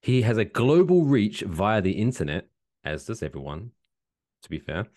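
A man co-hosting a podcast, chatting casually and joking through odd news stories with big swings in his voice. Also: normal speed. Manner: lively, jokey, reads news out loud with big pitch swings. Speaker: podcast co-host. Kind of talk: casual chat.

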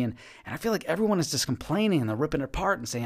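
A man's voice: a little high, big pitch swings, quick pace, vocal fry, breathy edge. A man hosting a podcast, giving an earnest, encouraging motivational monologue and often repeating his words. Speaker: podcast host.

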